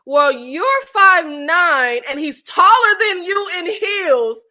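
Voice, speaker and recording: Bright high-voiced woman, blunt and animated. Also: takes it slowly, few pauses. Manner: animated, exasperated, blunt with swearing. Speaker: channel host reviewing reality TV. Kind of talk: casual recap commentary.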